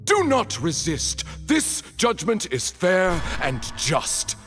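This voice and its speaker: An actor playing a male juror who speaks for the crowd in a game court, insistent and smoothly persuasive. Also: high-pitched, wildly swooping pitch, slow, a bit bright, big-room sound, soft background music, heavily acted. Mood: stern.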